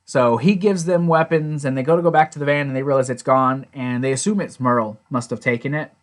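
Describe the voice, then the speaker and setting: A man's voice: medium pitch, steady tone, brisk. A man casually recapping and reviewing a TV episode, rambling along with lots of "you know" and "like".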